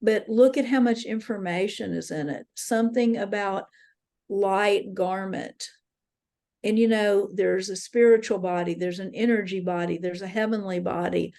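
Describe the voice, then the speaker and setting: Brief: woman teaching a dream workshop, gravelly voice, earnest storyteller. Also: mid-range voice, fairly even intonation, normal speed, a little mellow. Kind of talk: teaching talk with retold dreams. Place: interfaith center workshop.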